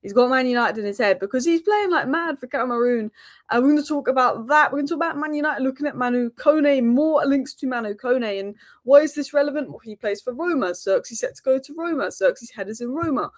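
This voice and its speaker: Woman rattling off football news fast, kinda high voice, very opinionated. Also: lively intonation. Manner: rapid-fire, opinionated. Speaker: football channel host. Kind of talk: daily football news roundup.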